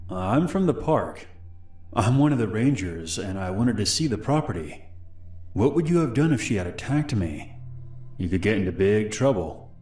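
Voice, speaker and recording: A man plays a creepy young stranger in an animated horror story, posing as a park ranger. He sounds smooth and friendly on the surface, but menacing underneath. His voice sits low, with faint music playing behind. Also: moderate pace, reverberant.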